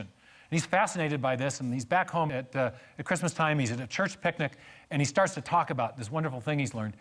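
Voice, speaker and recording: A man's voice: fairly high pitch, a bit bright. A man giving a church lecture on science and faith, telling stories with emphatic repetition and joking asides.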